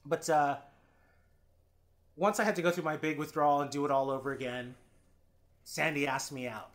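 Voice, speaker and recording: A man telling candid personal stories as a guest on a podcast interview. His delivery swings between loud, animated bursts and low, quiet passages, and he swears freely and acts out other people's lines. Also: normal speed.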